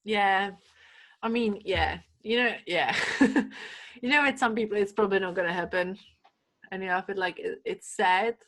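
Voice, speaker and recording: A woman guest on a podcast, chatting casually and telling animated stories full of fillers and acted-out quotes. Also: mid-range voice, moderate pace. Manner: animated storyteller, many fillers, acts out quotes. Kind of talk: casual chat.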